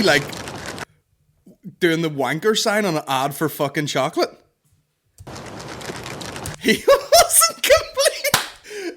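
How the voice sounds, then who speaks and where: A man's voice: sits high, background noise. A man hosting a comedy podcast, ranting crudely with lots of swearing and acted-out bits. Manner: lively, mocking, swears a lot, acts out bits. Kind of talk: crude comic rant.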